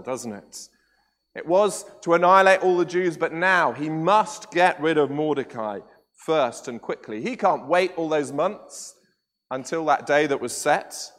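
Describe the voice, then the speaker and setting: Animated high-voiced preacher. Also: male voice. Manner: animated storytelling with tag questions. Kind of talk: sermon. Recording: echoey church hall with long reverb.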